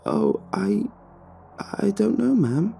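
A man's voice: a little high, very animated, vocal fry, mellow, a little hiss or hum, pitched above the performer's own voice, full character voice. A man voicing a nervous, timid young girl who stammers and halts. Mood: flustered. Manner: stammering, halting.

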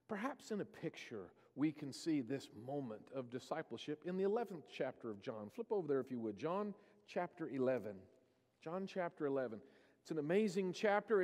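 A man's voice: high-pitched, darkish tone. A man preaching a sermon, telling scripture stories and acting out the voices of the people in them. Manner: storytelling, acting out quoted voices. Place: church sanctuary. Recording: church hall reverb.

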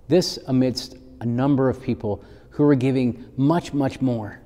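Mellow-voiced pastor telling a story. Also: male voice, medium pitch, steady tone, in a large hall. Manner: gentle, unhurried storytelling. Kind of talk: children's sermon storytelling.

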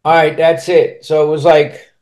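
This man's voice runs a bit high and a little mellow, monotone at a normal pace, as he candidly recounts his life on a podcast. His storytelling is rambling, foul-mouthed and blunt, with sentences often started over.

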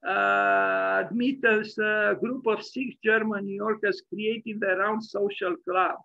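A man with a high, gravelly voice gives an online lecture in a rambling, opinionated way, full of "you know" and restarts. His tone is bright and edgy. The sound is dry and dull, like lo-fi web audio. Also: animated, slow, no echo. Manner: rambling and opinionated, many fillers. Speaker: architect lecturer and host.

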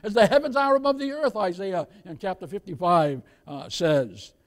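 A man's voice: sits high, normal speed. A man preaching a sermon as pastor, calling out to the congregation with rising, emphatic lines. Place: church.

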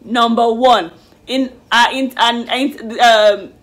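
A woman chatting casually in a lively, animated way as she reviews a reality show. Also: a little high, takes it slowly. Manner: lively, animated retelling with slang. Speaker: YouTube reviewer.

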